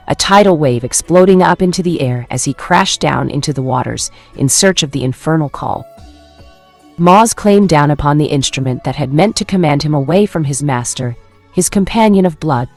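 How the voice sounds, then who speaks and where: A woman narrating a fan fiction story in a steady, dramatic manner. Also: sits low, normal speed, faint music behind.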